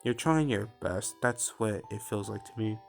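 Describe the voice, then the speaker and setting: A man reading the lines of a gentle female cosmic being in a story game, soft and earnest. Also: fairly low pitch, moderate pace, gravelly, faint music behind. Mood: tender.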